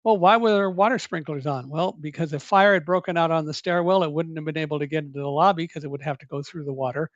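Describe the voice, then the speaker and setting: An older man recounts his story in a measured, deliberate manner, now and then correcting himself as he goes. His voice sits a bit high for a man. The sound is dull and dry, like a lo-fi recording. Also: no echo. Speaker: guest recounting a survival story. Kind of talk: storytelling interview.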